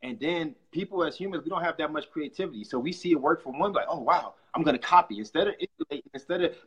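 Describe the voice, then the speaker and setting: A man talking in a casual live-stream chat about online marketing, emphatic and animated as he tells stories. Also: on the high side, husky, rough recording. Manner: fast, emphatic, animated storytelling. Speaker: network marketer and guest.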